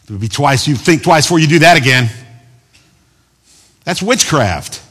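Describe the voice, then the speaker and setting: A man preaching a sermon as pastor, swinging from loud emphatic bursts to quiet asides. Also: fairly high pitch, fast talker. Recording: long hall reverb.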